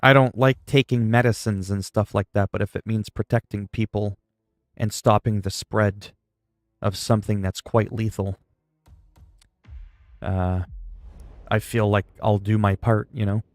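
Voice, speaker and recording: A man's voice: fairly low pitch, fairly even intonation, unhurried, pauses often, dry recording, soft background music. A man, livestreaming and chatting casually while gaming, rambling and joking playfully. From Canada.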